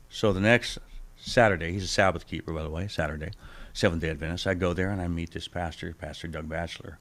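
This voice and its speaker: Middle-aged man, low voice, podcast guest, personal testimony, animated storyteller, loud bursts and hushed asides. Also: fairly quick. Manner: animated storyteller who acts out the people he quotes.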